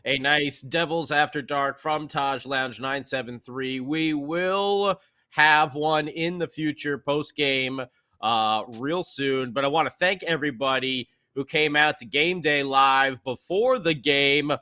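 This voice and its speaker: A man's voice: a little high, slow, pushed and bright, dry recording, studio quality. A male co-host recapping a hockey game in casual podcast chat, rambling and restarting his sentences.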